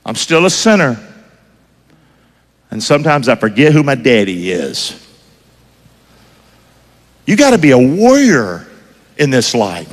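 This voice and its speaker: Preacher booming in a hall. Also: male voice, very animated, unhurried, pauses often. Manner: call-and-response, quizzing the congregation; folksy, emphatic preaching. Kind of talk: sermon.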